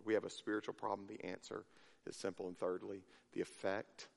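A man's voice: fairly low pitch, fairly even intonation, moderate pace, gravelly. A man preaching a sermon, telling a story with acted-out voices, then dropping to a near whisper for emphasis. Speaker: pastor. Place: church sanctuary. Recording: reverberant sanctuary.

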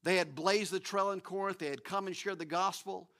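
A man preaching a sermon as pastor, emphatic and animated, often restarting his phrases. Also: high-pitched, brisk.

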